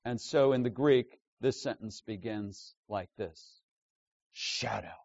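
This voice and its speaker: Preacher, male, slow deliberate teaching sermon, emphatic stresses, slightly dull recording. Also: dry recording. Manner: emphatic teaching, swinging between loud stresses and low asides. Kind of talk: expository sermon.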